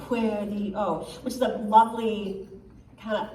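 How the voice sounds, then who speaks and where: A woman coaching a choir as a guest clinician, upbeat and encouraging, giving quick directions. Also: mid-range voice, big pitch swings, darkish tone, a little hiss or hum. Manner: upbeat, encouraging, sometimes sings lines to demonstrate. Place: choir rehearsal room. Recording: echoey room from far off, faint ambience.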